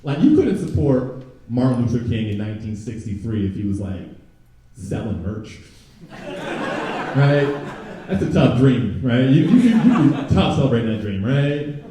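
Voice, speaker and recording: Lively young man doing stand-up. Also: mid-range voice, unhurried. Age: young adult. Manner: animated, crowd work, jumps into loud mocking voices. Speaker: stand-up comedian. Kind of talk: stand-up comedy set. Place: comedy club stage before a live audience. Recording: very echoey room, from a distance.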